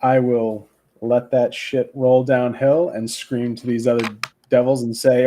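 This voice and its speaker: A man playing a tabletop game, asking the game master quick questions about the scene. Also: medium pitch, level tone, warm tone, slight background noise. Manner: inquisitive, asks quick questions. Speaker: player.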